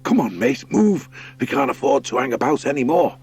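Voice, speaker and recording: A man voicing an old male boxing hare who gives brisk orders in a storybook reading. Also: mid-range voice, lively intonation, a little mellow, husky, pitched above the performer's own voice.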